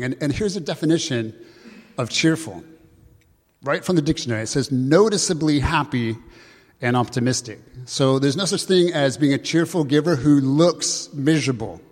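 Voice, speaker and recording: A man preaching a sermon in an earnest, conversational way, slowing down to read scripture aloud. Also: a little high, a little mellow. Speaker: pastor. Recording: long hall reverb.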